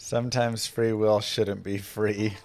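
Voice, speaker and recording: A man's voice: on the low side, little pitch movement, takes it slowly, slight background noise. A man streaming a game, chatting in a wry, casual way and answering messages. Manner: wry, chatty, talks back to alerts. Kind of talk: casual gaming commentary.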